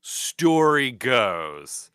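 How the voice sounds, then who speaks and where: A man co-hosting a podcast in casual chat, animated and quick to slip into comic voices. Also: mid-range voice, clear, resonant tone, no room sound, studio quality. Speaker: podcast co-host.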